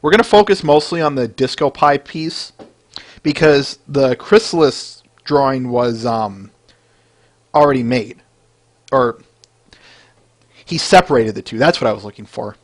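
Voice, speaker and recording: A man's voice: medium pitch, unhurried, long pauses. A man hosting a podcast, chatting casually and enthusiastically about fan art. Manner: enthusiastic, chatty, with fillers and laughs. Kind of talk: casual chat.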